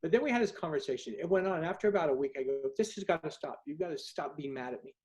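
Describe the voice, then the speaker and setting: A man's voice: a little high, expressive, fast, darkish tone, low-quality recording. A middle-aged man, an author being interviewed, telling candid anecdotes and acting out bits of dialogue. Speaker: author guest. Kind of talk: storytelling in an interview.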